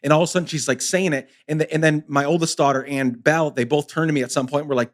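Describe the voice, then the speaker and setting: A man's voice: fairly high pitch, brisk. A man hosting a podcast who speaks with passion and urgency, pressing his points emphatically. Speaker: podcast host. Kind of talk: casual conversation.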